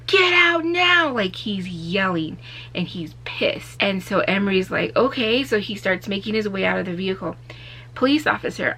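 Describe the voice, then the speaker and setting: Young woman vlogger, casual storyteller, mid-pitched, animated delivery with acted-out quotes. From Arizona, USA. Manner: animated, acts out quotes with raised voice.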